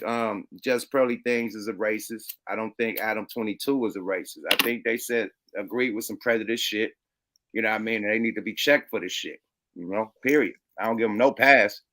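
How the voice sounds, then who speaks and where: A middle-aged man co-hosting a casual talk show, slangy and animated, acting out quoted people in his stories. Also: a little fast. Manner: animated, slangy, acts out quotes in high voices. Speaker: podcast co-host. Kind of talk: casual chat.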